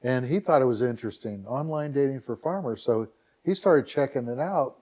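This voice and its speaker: A man's voice: medium pitch, moderate pace. A middle-aged man from Northeast Ohio, a podcast guest in a casual interview, telling a story with animation and acting out what other people said. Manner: animated anecdote teller who acts out dialogue and keeps repeating "all of a sudden". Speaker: podcast guest, website founder.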